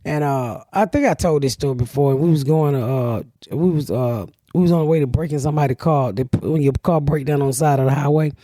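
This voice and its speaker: A woman comedian hosting a podcast, telling a loud, profane story and laughing often. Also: low-pitched, fairly quick, few pauses, no echo, clean studio sound. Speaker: comedian host.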